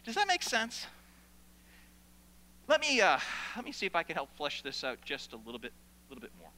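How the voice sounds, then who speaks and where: A man preaching a sermon as pastor in a church, animated and playful with asides to the congregation. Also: fairly high pitch, a little fast, a little hiss or hum. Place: church sanctuary. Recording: long hall reverb.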